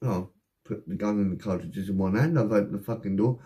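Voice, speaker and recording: A man telling a rambling, heavily sworn personal anecdote in a casual, animated way. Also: on the low side, fairly quick. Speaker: storyteller.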